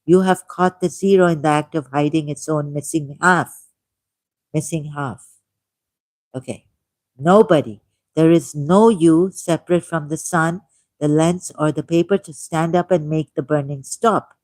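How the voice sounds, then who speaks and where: A man with a Pakistani accent hosting a livestream, reading a text aloud at a deliberate pace with musing asides and repeated key words. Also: a little high, a little mellow, dry recording. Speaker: livestream host.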